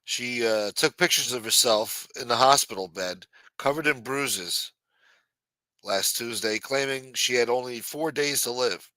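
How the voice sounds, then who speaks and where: A man's voice: medium pitch, unhurried, sharp tone, dry recording, low-quality recording. A man hosting a late-night livestream who rants casually and reads news aloud in a profane, blunt and mocking manner. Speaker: livestream host. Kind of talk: casual ranting commentary.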